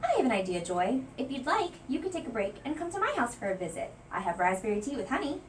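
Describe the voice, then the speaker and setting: A nervous little boy mouse from a picture book, read aloud by a woman, his high voice leaping around as his worry turns to bravery. The voice sits back from the microphone. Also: big pitch swings, quick pace, a little hiss or hum. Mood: friendly. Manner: anxious, then hollering bravely. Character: timid little male mouse, jumpy but kind. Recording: voice from a distance from the mic.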